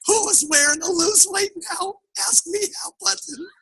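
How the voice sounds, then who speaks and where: A man voicing a timid, excited middle-aged wife in a soft, meek, hopeful way over a video call. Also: extremely high pitch, normal speed, voice pushed up, poor audio.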